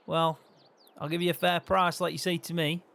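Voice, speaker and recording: A man's voice: a little high, moderate pace, gravelly. A man hosting a farming game role-play, bantering cheekily with a friend. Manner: cheeky, teasing, lively banter.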